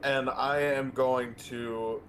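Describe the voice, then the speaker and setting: A man playing a fiend character in a tabletop game, speaking deliberately and laying out threats in character. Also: medium pitch, steady tone, fairly bright tone, a little hiss or hum. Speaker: player.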